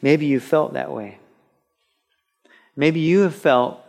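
A man with a fairly high voice preaches a sermon. He talks to his congregation in an earnest, conversational way and at times builds into lively, animated storytelling. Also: slow, gravelly. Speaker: pastor. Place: church, broadcast on radio.

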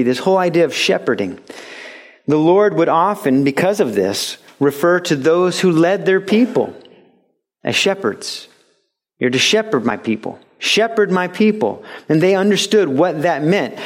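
A middle-aged man preaching a sermon as a pastor, talking conversationally and stressing points emphatically. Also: fairly high pitch.

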